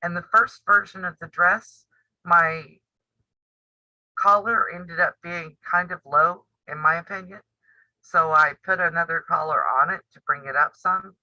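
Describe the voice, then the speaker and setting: A woman's voice: lowish voice, measured pace, sharp tone, no room sound, muffled recording. Blunt, teasing woman in her fifties. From United States. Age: 50s. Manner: blunt, teasing, laughs often. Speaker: sewing and quilting channel host. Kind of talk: casual live-stream chat.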